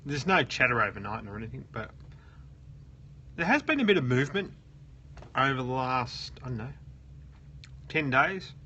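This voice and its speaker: Bright-voiced Australian man chatting live. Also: mid-range voice, very animated, normal speed, pauses often, highs cut off, a little hiss or hum. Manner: chatty and joking, reads viewer comments aloud. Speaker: host of a live SEO question stream. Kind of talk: casual live-stream chat. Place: office at work.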